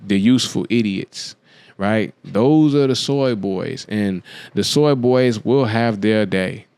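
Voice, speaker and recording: A man's voice: lowish voice, slow, a little mellow, clean tone, no room sound. A man hosting a show, talking through his views in a loose, casual monologue, often checking in with "you dig what I'm saying?". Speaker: podcast host.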